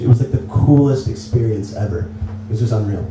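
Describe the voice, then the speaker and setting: A young man, a musician guest in a casual radio interview, telling rambling, animated stories. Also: fairly low pitch. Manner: animated storyteller, quick and rambling, many "like"s. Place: radio station studio. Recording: echoey room, distant mic, noisy.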